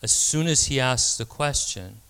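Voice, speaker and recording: A man's voice: medium pitch, measured pace, smooth. A man preaching a sermon, reading scripture expressively and telling a personal story. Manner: expressive, dramatizing quoted voices.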